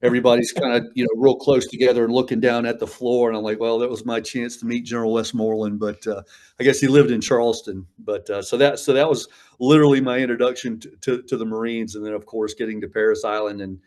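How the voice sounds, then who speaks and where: His voice is medium in pitch, a little mellow and fairly even, and he talks fast. He's a combat veteran in his fifties, guesting on a casual interview and telling stories with lots of fillers, restarts and "man."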